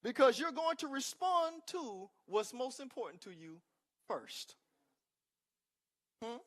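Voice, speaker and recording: A male pastor preaching a sermon with emphatic call-and-response asides, swinging between loud declarations and quiet remarks. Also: very high voice, big pitch swings, takes it slowly.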